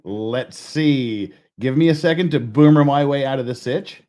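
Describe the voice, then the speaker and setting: A man's voice: mid-range voice, moderate pace, a little mellow. A man hosting a livestream in casual chat, rambling and joking at his own expense. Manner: self-mocking, rambling, joking. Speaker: host.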